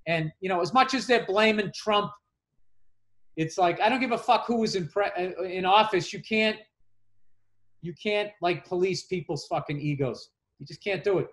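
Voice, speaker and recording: A middle-aged man with a high, bright voice, talking in loose podcast chat. He rants with frequent swearing and an exasperated edge. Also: moderate pace. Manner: profane, ranting, exasperated. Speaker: podcast co-host. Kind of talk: casual chat.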